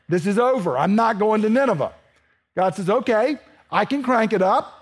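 A man's voice: high voice, animated, moderate pace, slightly rough. A man preaching a sermon, telling it in a folksy way with personal stories and asides. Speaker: pastor.

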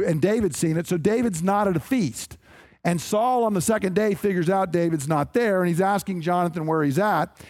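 A man preaching a sermon, emphatic and conversational, acting out quick asides. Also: high voice, darkish tone, dry recording, studio quality.

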